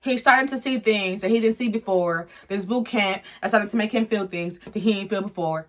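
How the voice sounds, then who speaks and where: A woman's voice: mid-range voice, fairly quick, few pauses, fairly bright tone. A woman giving a blunt, slangy, opinionated recap of a reality show in casual commentary. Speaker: reality TV reviewer.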